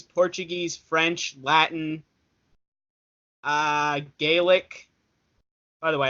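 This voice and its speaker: Young male co-host, casual rambling chat, bright tone, dull lo-fi podcast sound. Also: a little high. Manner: rambling, self-correcting, chatty.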